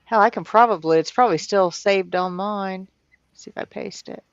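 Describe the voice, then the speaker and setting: A woman's voice: medium pitch, moderate pace, no echo. A woman co-hosting a casual chat in an easygoing, shrug-it-off way. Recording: dull dry sound.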